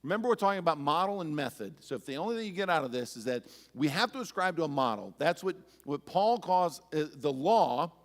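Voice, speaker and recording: A man's voice: on the high side, big pitch swings, a little fast, few pauses. A male pastor giving a sermon in a conversational, storytelling way with touches of humor. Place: church sanctuary. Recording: church sanctuary with long reverb.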